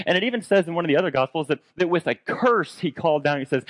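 A man's voice: mid-range voice, lively intonation, fast, hardly any pauses, dry recording. A man preaching a sermon in a conversational way, posing rhetorical questions and retelling a story dramatically. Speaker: pastor.

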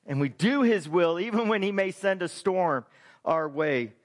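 A man with a very high speaking voice preaches a sermon in a church. He is emphatic and keeps throwing rhetorical questions at the congregation as he leads them through scripture. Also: animated, unhurried. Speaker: pastor.

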